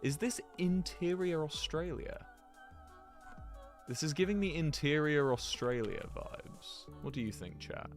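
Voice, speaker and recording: A man's voice: a little high, a little slow, soft background music. A man giving rambling, chatty commentary to his viewers while he plays a geography game, laughing often. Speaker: streamer.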